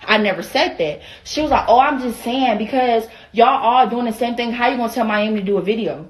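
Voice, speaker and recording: A young woman from Atlanta with a Southern accent, ranting through a storytime in a fairly high voice. She swears freely and slips into voices for the people she quotes. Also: fast talker. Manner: animated, profane, mimics others in quoted voices. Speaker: vlogger. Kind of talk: casual storytime rant.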